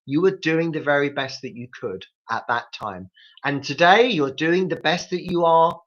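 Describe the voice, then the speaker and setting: A man's voice: a little high, lively intonation, moderate pace, fairly bright tone, dull audio. A man hosting a live grief support talk, coaching listeners directly with practical tips. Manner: coaching, speaks straight to listeners.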